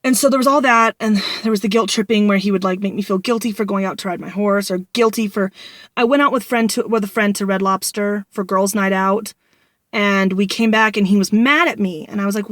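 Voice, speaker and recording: A young woman talks straight to camera in a candid, rambling vlog, venting as she goes and often restarting her sentences. Her voice sits at a middle pitch for a woman. The sound is dry and close, with almost no room around it. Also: fairly even intonation, a little fast, a bit bright, dry recording. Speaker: vlogger. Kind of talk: candid personal storytelling.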